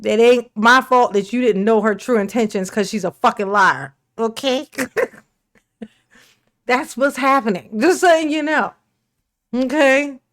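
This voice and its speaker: A woman's voice: a little high, unhurried, pauses often. A woman hosting a casual reaction commentary, sarcastic and mocking, laughing often and swearing freely. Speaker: commentary host.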